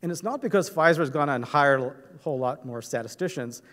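A man's voice: a little high, fast, fairly bright tone. Man presenting in an echoing hall. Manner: explanatory, frequent "right?" and "uh" fillers. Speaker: conference presenter. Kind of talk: technical conference talk. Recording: reverberant hall.

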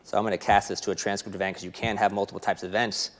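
A man with an American accent giving a fast, filler-laden technical conference talk while demoing code. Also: on the low side, level tone. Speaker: conference presenter. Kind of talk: live coding demo talk.

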